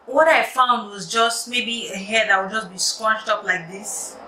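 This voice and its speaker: A woman's voice: medium pitch, unhurried. Chatty woman, echoey room. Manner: chatty, animated, drops to quiet asides. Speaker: wig maker vlogger. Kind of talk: casual storytelling tutorial. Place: room at home at night. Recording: echoey room, distant mic, faint noise.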